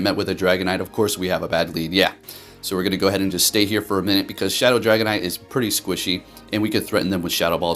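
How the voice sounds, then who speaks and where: A man with a low, deep voice talks through a match as it happens. His commentary is animated and peppered with swearing and rants, with soft music playing underneath. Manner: animated, profane ranting. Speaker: game commentator. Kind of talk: gameplay commentary.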